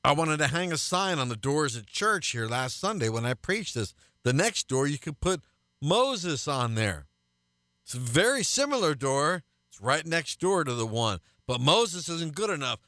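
A man's voice: fairly high pitch, big pitch swings, moderate pace, sharp tone, no room sound, clean studio sound. A man hosting a radio Bible teaching program as pastor, speaking earnestly and building to emphatic repeated refrains.

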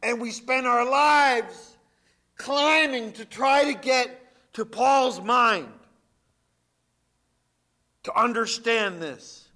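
A male pastor preaching a sermon, reading scripture and stressing points with sudden swings from loud to quiet. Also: very high voice. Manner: emphatic, slow preaching with dramatic swings in loudness.

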